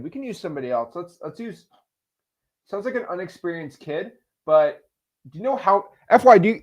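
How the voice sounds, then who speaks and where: A man hosting a live stream, talking casually and excitedly to his chat and joking with the viewers. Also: sits high. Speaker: host of a live stream on real estate cold calling.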